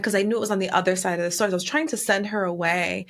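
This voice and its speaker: A woman's voice: medium pitch, a bit bright. Podcast co-host, woman, casual chat, open and emotional storytelling. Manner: emotional storytelling, quick and heartfelt.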